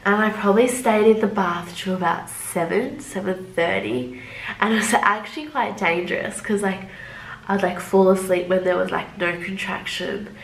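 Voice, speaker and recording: A woman's voice: medium pitch, steady tone, moderate pace, vocal fry, slight background noise. A young woman casually telling a personal story to camera in a loose, chatty way, full of "like" fillers. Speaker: vlogger. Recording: roomy echo.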